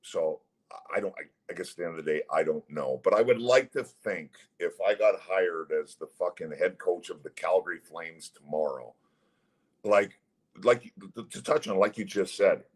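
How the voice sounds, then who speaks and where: Middle-aged man, gravelly-low and husky, blunt profane storyteller guest. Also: poor audio. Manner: blunt, heavy swearing, animated retelling. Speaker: guest, former pro hockey player. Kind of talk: casual storytelling.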